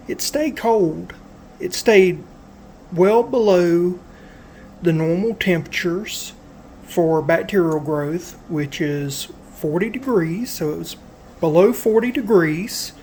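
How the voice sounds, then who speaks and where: A man with a Southern US accent, casually explaining a cook as he works, folksy and relaxed. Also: sits high, a little hiss or hum. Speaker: cooking vlogger. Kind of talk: casual cooking demonstration.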